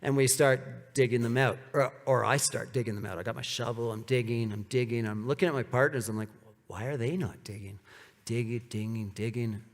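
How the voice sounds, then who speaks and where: A man's voice: medium pitch, steady tone, brisk, hardly any pauses. A man talks to a live audience at a speaker event, his voice sitting in a middle register. He rambles casually, leans on "like," and slips into quoted lines from the story. The sound rings with the long reverb of a large hall. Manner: casual, rambling, fillers like "like", acts out quoted dialogue. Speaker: presenter at a speaker series.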